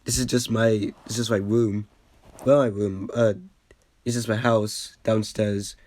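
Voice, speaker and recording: A man's voice: lowish voice, flat delivery, unhurried, darkish tone, no room sound. Slightly sick man rambling through commentary. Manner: rambling, lots of fillers and restarts, self-deprecating. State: a bit sick. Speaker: YouTuber reacting to his old video. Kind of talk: casual commentary.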